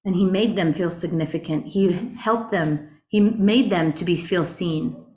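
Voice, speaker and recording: A middle-aged woman teaching a Bible study class in an earnest, animated way, asking her group rhetorical questions. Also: fairly low pitch, measured pace. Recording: roomy echo.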